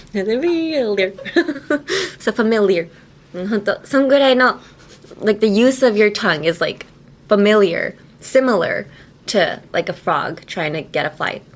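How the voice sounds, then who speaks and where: A woman's voice: mid-range voice, lively intonation, moderate pace. A woman hosting a podcast that teaches English pronunciation, chatting casually in a studio with lots of giggles and "like" fillers. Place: radio station studio.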